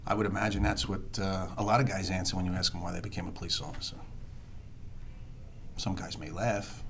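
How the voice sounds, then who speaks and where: An actor playing a world-weary police detective who tells rambling, sardonic street stories. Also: male voice, deep voice, little pitch movement, brisk, a bit bright, a little hiss or hum. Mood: storytelling. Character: wisecracking world-weary male NYC cop. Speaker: police detective under evaluation. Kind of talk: film dialogue, storytelling monologue.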